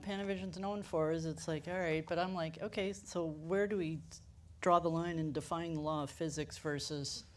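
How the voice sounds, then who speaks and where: Low-voiced woman telling lively stories. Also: a little hiss or hum. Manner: animated, acts out quoted lines, laughs often. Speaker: camera rental house manager. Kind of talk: panel discussion storytelling.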